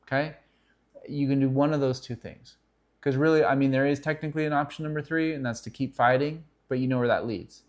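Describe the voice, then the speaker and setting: Earnest man giving calm relationship advice. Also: mid-range voice, fast. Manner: earnest, acts out example dialogue, many restarts. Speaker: counselor and video host. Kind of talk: direct-to-camera advice talk.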